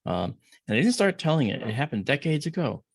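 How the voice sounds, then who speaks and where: A man's voice: a little high, very animated, brisk, gravelly, slightly rough, no echo, clean studio sound. A middle-aged man as a podcast guest, telling a story in casual conversation and acting out the voices of the people in it.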